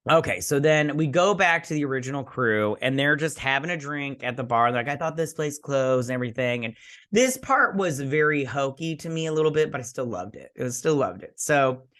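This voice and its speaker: Guy rambling through an episode recap, sarcastic, swears a lot, mid-pitched voice. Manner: animated, acts out characters in quick asides. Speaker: host. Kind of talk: casual episode recap and review.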